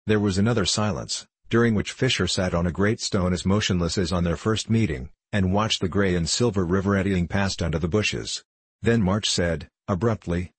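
Low, husky male audiobook narrator. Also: moderate pace, no room sound. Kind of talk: scripted narration.

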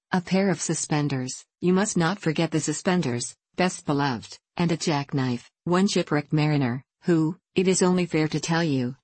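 A woman's voice: low-pitched, darkish tone, no echo. Woman voicing a small, cunning stout fish.

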